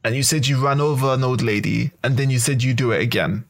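A man's voice: mid-range voice, fast. A man in casual chat, talking through a hypothetical with lots of swearing and restarts. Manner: animated, swearing, rambling hypotheticals.

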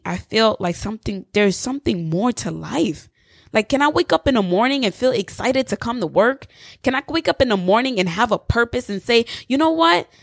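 A young woman telling a personal story in an emphatic, expressive, preachy way. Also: mid-range voice, no room sound, studio quality. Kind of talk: personal testimony monologue.

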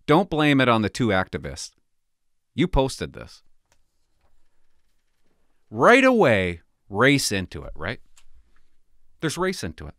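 A man's voice: mid-range voice, huge pitch swings, slow, pauses often, a bit bright, no echo, studio quality. Indignant sarcastic middle-aged man ranting. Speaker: former police officer reacting to news. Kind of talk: opinionated commentary vlog.

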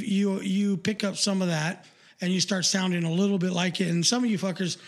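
A podcast co-host with a high voice rants bluntly in casual live-stream chat. He rambles, swears freely, and leans hard on filler words.

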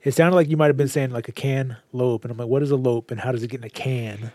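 A woman host with an unusually deep voice drives a casual chat. She asks dry, teasing questions that push the story along. Her voice is recorded close and dry. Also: racing, dark tone, no room sound.

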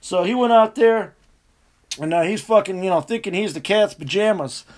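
A man telling a rambling, profane, animated story in casual chat. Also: sits high, moderate pace.

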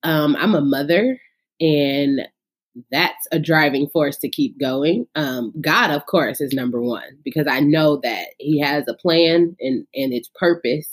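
A woman's voice: sits low, unhurried. A woman in her thirties, a singer talking about her faith and career in a casual podcast interview, speaking with fervor. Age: 30s.

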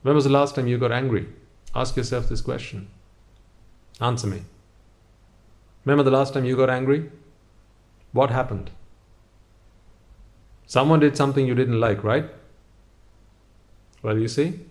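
Guy doing a motivational talk, asks you question after question, medium pitched voice. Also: measured pace, pauses often, darkish tone. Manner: rhetorical questions, direct address to the listener. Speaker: speaker addressing listeners.

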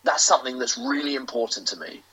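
A British man, a professional wrestler, delivering a grandiose, self-aggrandizing in-character promo with theatrical pauses. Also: medium pitch, bright, forceful tone, breathy edge. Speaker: professional wrestler, interview guest. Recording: lo-fi dull audio.

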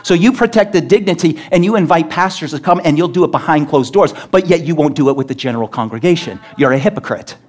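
A pastor delivering an emphatic sermon in a church, scolding and asking rhetorical questions. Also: male voice, a little high, expressive, fast talker, hardly any pauses, a little mellow. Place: church sanctuary.

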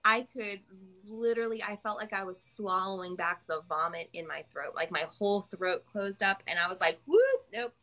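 A woman in a live-stream conversation, speaking in an animated way and coaching herself aloud in quoted inner voices. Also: medium pitch, moderate pace, hardly any pauses, rough recording.

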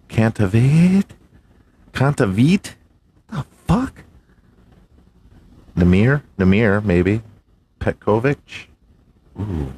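A man's voice: lowish voice, breathy edge. A man hosting a casual solo podcast, swearing a lot, laughing, and fumbling through hard names. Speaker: podcast host.

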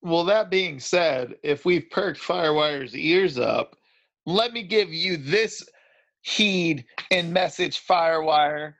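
A Florida man with a high voice talks slowly in joking podcast banter. He teases his co-hosts in a laid-back way. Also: a bit bright. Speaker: podcast co-host. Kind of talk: casual chat.

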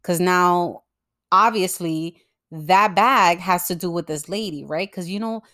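A young woman podcast host telling a story in an animated, profane, casual way. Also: lowish voice, a little slow. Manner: animated and profane, with expressive swings in loudness.

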